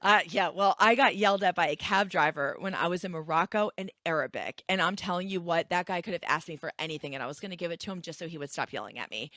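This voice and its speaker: Woman, podcast co-host, animated storyteller, bright voice, dry sound. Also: on the low side, fast, few pauses, no room sound. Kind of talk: casual chat, storytelling.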